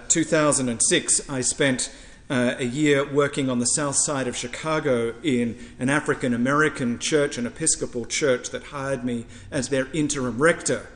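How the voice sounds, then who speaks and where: A man's voice: medium pitch, in a large hall. A male priest preaching a sermon, building his points through rhetorical lists and repetition.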